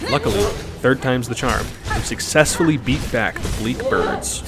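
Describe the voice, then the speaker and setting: A man narrating a gameplay video voice-over in a wry, joking, explanatory way. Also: mid-range voice. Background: background music.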